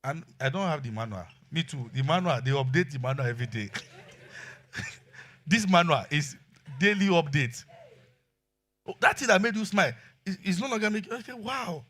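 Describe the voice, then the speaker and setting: A middle-aged man with a Nigerian accent preaching a sermon, shifting between quiet asides and loud exclamations. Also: on the high side, lively intonation, normal speed, long pauses. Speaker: pastor.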